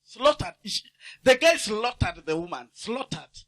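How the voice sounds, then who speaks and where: A man preaching a fiery sermon. He swings from shouts to low asides and asks the congregation to finish his lines. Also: sing-song, a little slow. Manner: asks the congregation to fill in words.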